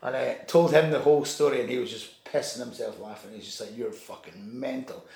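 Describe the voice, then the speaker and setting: A man's voice: medium pitch, quick pace, a little mellow. A man telling a rambling anecdote in casual chat, swearing and acting out the people in it. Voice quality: gravelly. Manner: rambling, restarts, swears, acts out voices in anecdotes. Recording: echoey room.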